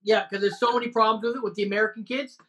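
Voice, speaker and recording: Man, comedian, bright voice, animated, swearing, video-call storytelling. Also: sits high, racing, poor audio. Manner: animated, profane anecdotes.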